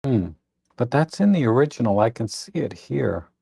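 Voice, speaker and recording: A man hosting a live photo editing stream, reviewing viewers' edits in a relaxed, rambling way with many restarts. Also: mid-range voice, normal speed, creaky, husky, dry recording, clean studio sound. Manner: relaxed, rambling, self-correcting with frequent restarts; tired, admits yawning. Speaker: photo editing livestream host. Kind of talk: casual live commentary.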